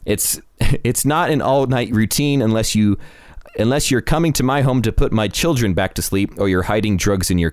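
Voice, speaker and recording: A man's voice: fairly low pitch, clear, resonant tone, dry recording, clean studio sound. A man hosting a casual chat, reading neighborhood posts aloud and laughing often. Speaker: podcast host.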